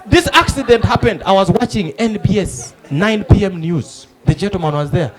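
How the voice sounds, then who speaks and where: Ugandan guy doing stand-up, high voice that jumps all over, faint crowd behind. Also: normal speed. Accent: Ugandan English. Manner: animated storytelling, acting out characters. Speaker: stand-up comedian. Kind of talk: stand-up comedy. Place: comedy club stage before a live audience. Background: audience laughter.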